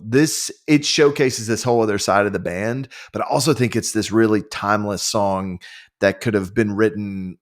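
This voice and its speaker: A man hosting a casual music podcast, talking with enthusiasm and lots of fillers. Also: lowish voice. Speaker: podcast host. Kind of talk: casual chat about music.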